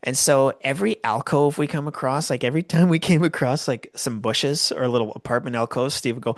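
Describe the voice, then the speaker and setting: A man's voice: mid-range voice, fairly quick, few pauses, dry recording, clean studio sound. Chatty Canadian man telling a story. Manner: animated, rambling with self-corrections. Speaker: podcast host. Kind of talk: personal storytelling.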